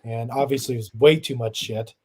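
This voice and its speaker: A man in casual chat who speaks haltingly, restarting sentences and tripping over words. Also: mid-range voice, steady tone, darkish tone, husky.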